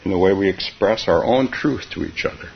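A man giving a dharma talk as a meditation teacher, soft-spoken and halting, often laughing gently between phrases. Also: sits low, creaky. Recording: dull, slightly hissy recording.

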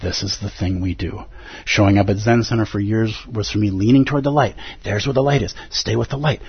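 A man teaching at a Zen center, giving an emphatic, animated dharma talk and acting out the inner voices of his listeners. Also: on the low side, fairly quick, breathy edge, no room sound, highs cut off. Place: Zen center meditation hall.

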